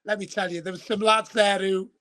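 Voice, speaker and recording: A man's voice: sits high, fairly even intonation, fairly quick, fairly bright tone. A man from Wales, chatting as a guest in a rambling, chummy way and calling the host mate. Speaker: guest, football show presenter. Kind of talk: casual chat.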